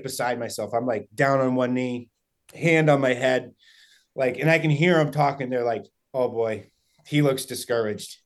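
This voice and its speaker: A young man recounts a story in an easy, casual way, full of fillers and acted-out quotes from friends. His voice sits mid-pitch and gets animated as the tale builds. He talks into a podcast microphone. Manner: excited, rambling, many fillers and quoted dialogue. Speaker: guest hunter.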